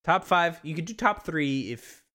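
A man chatting on a podcast with a slightly high, very lively voice that swings up and down. He jokes, swears freely and now and then bursts out loudly. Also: unhurried. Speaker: podcast co-host. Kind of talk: casual chat.

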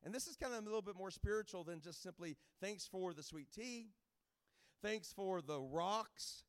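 A man's voice: high-pitched, animated, quick pace. A man speaking as a guest evangelist, giving a jokey, rambling informal sermon to a camp with many restarts.

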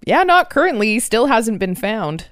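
A woman doing comic mock-news field reports in a chatty, playful way. Her voice is smooth and clear, with dry, close sound. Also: a little high, very animated, moderate pace, fairly bright tone, no echo. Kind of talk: comic in-character banter.

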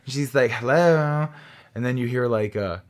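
A man's voice: medium pitch, fast. A young man riffing through an improvised comedy bit, rambling and profane, constantly checking in with "right?".

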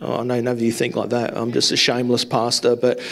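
A male pastor addresses his congregation in a church hall, preaching with fervor, repeating himself and asking rhetorical question after rhetorical question. Oddly, his creaky mid-range voice comes across completely flat, and he moves at a quick pace.

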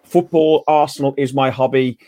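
A man's voice: mid-range voice, steady tone, moderate pace, mellow, no echo, clean studio sound. A man hosting a fan podcast, with a chatty manner full of stammered restarts. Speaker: podcast host. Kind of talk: casual podcast chat.

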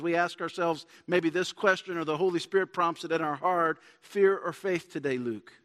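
A man's voice: a little high, a bit bright. A man preaching a sermon as pastor in a church, earnest and building to emphatic points. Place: church sanctuary. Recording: long church hall reverb.

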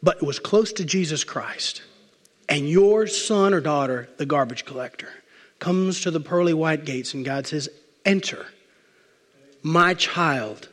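A male pastor preaching a sermon, emphatic, stacking repeated phrases and slowing down to stress key words. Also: fairly high pitch. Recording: long reverb of a large hall.

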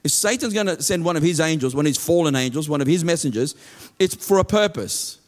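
A man with a high voice preaches a sermon. He reads verses slowly, then explains them earnestly, often restarting his phrases. At times he builds to loud, urgent peaks. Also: lively intonation. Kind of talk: sermon teaching from scripture.

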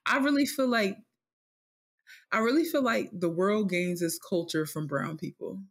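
A woman's voice: mid-range voice, normal speed. A woman co-hosting a podcast in casual chat, laid-back and slangy, laughing often, recorded in a home kitchen. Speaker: podcast co-host.

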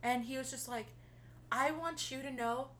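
A young woman casually telling a friend a story, animated, swearing freely and laughing as she talks. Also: sits high, moderate pace, slight background noise. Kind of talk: casual chat.

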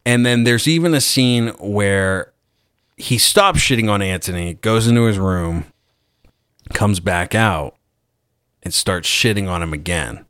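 Animated, swearing man with a low voice. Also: a little slow, clean tone, dry recording, clean studio sound. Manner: animated, swears freely, acts out quotes. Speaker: podcast co-host. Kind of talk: casual film discussion.

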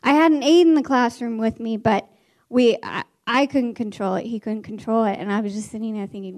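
A woman teacher telling a story from her classroom to an audience, animated and laughing, with many restarts. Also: a little high, normal speed. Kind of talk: stage storytelling.

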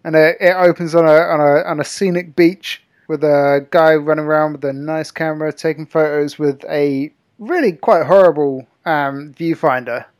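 A man's voice: fairly high pitch, steady tone, moderate pace, hardly any pauses, dry recording. A man chatting casually about a film on a podcast, laid-back, with dry sarcastic asides. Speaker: podcast co-host. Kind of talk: casual film review chat.

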